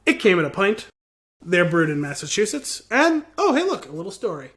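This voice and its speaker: A man co-hosting a podcast, telling a rambling, animated story with laughter over a remote call. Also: sits high, a little fast. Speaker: podcast co-host. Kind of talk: casual chat. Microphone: video call.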